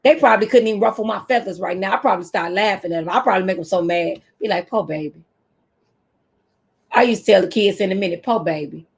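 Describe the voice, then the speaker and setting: A woman in her fifties from the United States, talking to camera as a teacher trainer in an animated, preacherly way with AAVE speech. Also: mid-range voice, rapid-fire, gravelly, hardly any pauses, slightly rough.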